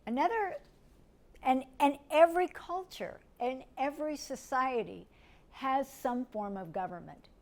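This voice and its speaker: A middle-aged woman from the United States, teaching a lecture in a gentle, step-by-step way and asking her listeners questions. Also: high-pitched, expressive, unhurried. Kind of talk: recorded lecture.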